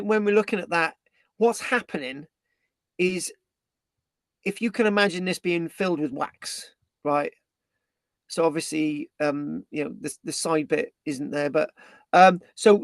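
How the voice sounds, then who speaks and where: Male history presenter from Britain, slightly high voice, dry close sound, loose rambling lecture delivery with many restarts. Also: no room sound. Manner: rambling, with frequent restarts and tag questions. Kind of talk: live online history talk.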